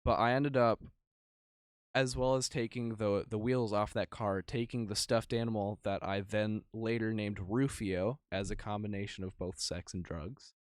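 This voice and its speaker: A young man with a low-pitched voice co-hosts a podcast, spinning rambling, profane stories in easygoing chat. The sound is dry and close, with no room echo. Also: steady tone, normal speed. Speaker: podcast co-host. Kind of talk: casual chat.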